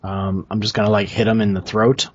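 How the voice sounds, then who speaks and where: A man's voice: fairly low pitch, flat delivery, a little fast, dry recording. A man casually describing his character's actions as a player in a tabletop game over a video call. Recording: muffled lo-fi online call.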